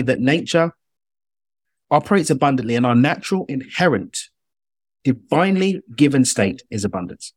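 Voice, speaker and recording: A British man giving an interactive online keynote, energetic and playful, speaking straight to his audience. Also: fairly high pitch, husky, no room sound, studio quality. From Britain.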